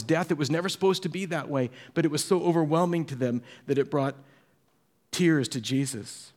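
A pastor with a slightly high voice preaches a sermon, telling stories and acting out the quotes. His delivery swings between hushed and lively.

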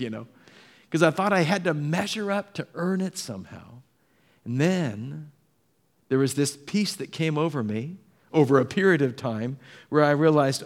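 Animated male pastor preaching a sermon. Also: a little high, moderate pace. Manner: animated storytelling, acting out voices of the people in the story.

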